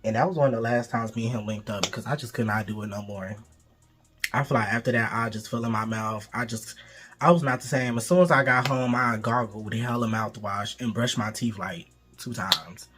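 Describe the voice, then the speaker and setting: A man in a casual vlog telling a blunt, profane storytime to his viewers, animated and talking straight to them. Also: lowish voice, fairly quick. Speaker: storytime vlogger.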